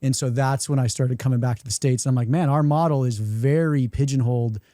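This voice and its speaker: A filmmaker being interviewed, a man explaining his view in an earnest, measured way. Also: mid-range voice, steady tone, mellow, no room sound, clean studio sound. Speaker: filmmaker guest.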